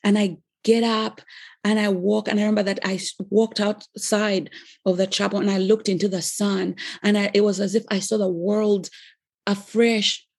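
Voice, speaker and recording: A woman in her forties giving an earnest, emotional personal faith testimony, with pauses and restarts. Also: mid-range voice, flat delivery, vocal fry, slightly rough. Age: 40s.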